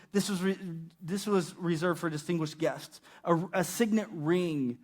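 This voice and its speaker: A young adult man preaching a sermon, animated and acting out the voices he quotes. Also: high voice, measured pace. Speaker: pastor.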